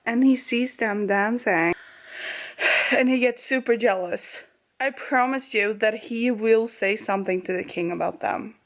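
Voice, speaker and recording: A woman chatting casually in a reading vlog, gushing and reacting to a story, laughing often and sometimes dropping to a soft murmur. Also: fairly high pitch. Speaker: book vlogger.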